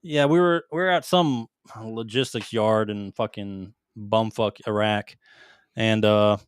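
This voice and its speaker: A man's voice: lowish voice, fairly even intonation, slow pace, clean tone, dry recording, studio quality. A man in his thirties, a podcast co-host and former Marine, telling rambling, profane war stories in casual chat.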